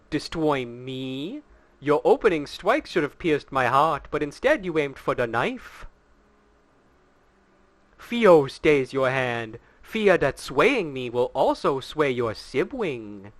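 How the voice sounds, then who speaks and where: A man's voice: fairly high pitch, sing-song, takes it slowly, fairly bright tone, dry recording, heavily acted. A man doing a giggling sinister demon. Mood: gloating. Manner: giggly, mocking.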